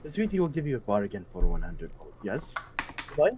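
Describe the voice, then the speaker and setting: A man's voice: fairly low pitch, very animated, brisk, warm tone, a little hiss or hum. A man voicing a sly male tabaxi cat merchant in a tabletop game, with a wheedling sales patter.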